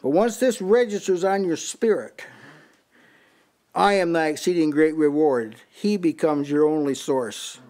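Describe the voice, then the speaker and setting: An older man delivers a Bible-study sermon to a small house-church group. His voice sits a little high, and he stumbles over repeated words as he reads out scripture. He compares one version after another. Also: unhurried, darkish tone. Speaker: preacher.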